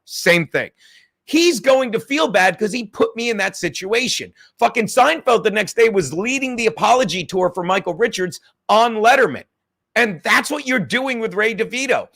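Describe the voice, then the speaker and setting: A high-pitched man with a bright, cutting voice, ranting on a livestream. He swears freely and fires back at viewer chats in a combative monologue. Middle-aged, quick to needle his audience. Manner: profane, combative, reading viewer chats aloud. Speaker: livestream host.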